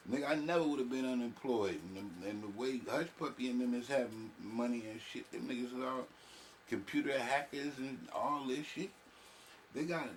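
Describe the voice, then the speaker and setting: Brief: male reaction host, crude and joking, faint hiss behind. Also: on the high side. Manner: loud, joking, crude, talks back at the clip. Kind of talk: profane casual commentary over a clip.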